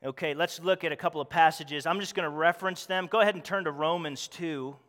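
A man's voice: a little high, quick pace, fairly bright tone. A man preaching a sermon as pastor, earnestly asking the congregation questions. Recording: long hall reverb.

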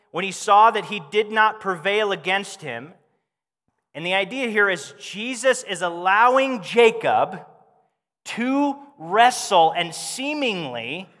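Male pastor, high forceful voice, animated conversational sermon, church-hall reverb.

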